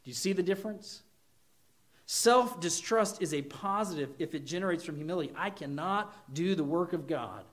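A man's voice: on the high side, lively intonation, moderate pace, a bit bright. A man preaching a sermon in an earnest way, asking the congregation questions and acting out little quotes. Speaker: pastor.

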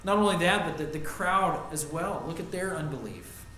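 A middle-aged male pastor preaching a sermon, earnest, rising loud on lists and dropping soft for personal stories. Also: on the high side, animated, normal speed, a little hiss or hum. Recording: echoey church room.

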